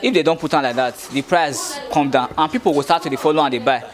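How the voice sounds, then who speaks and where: A man's voice: on the high side, quick pace. A man with a Nigerian accent hosting a casual market update, chatty and talking straight to his viewers. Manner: chatty, addresses viewers directly. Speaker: market blogger host. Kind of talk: casual interview and update in Pidgin.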